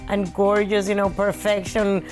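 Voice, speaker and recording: Female interviewee, halting, soft music underneath. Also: mid-range voice, level tone. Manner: warm, halting praise with stammered restarts. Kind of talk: interview answer.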